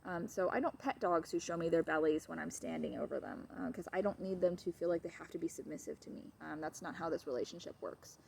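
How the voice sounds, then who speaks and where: A woman's voice: fast talker, vocal fry, hardly any pauses, darkish tone, slight background noise. A woman dog trainer giving a casual, chatty video lesson at home, wandering into asides. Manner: chatty, digressive, switches to high baby talk with her dog. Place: at home with her dogs.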